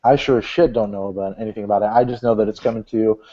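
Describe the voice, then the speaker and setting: A man's voice: on the low side, fairly even intonation, racing. Male podcast host, casual rambling news chat, muffled lo-fi sound. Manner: rambling, joking, many fillers. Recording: dull lo-fi podcast audio.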